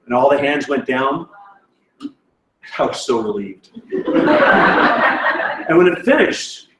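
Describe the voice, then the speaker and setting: A man's voice: medium pitch, wildly swooping pitch, takes it slowly, fairly bright tone. Give me a man preaching with self-deprecating humor, recorded from a distance in an echoey hall. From Canada. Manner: self-deprecating, laughs at his own story. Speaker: guest speaker. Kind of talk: sermon storytelling. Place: church auditorium.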